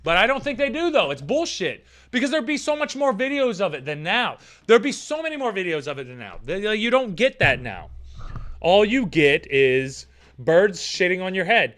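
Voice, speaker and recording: A man's voice: high voice, very animated, moderate pace, a bit bright. A young man streaming live, reading out chat comments and ranting with plenty of swearing.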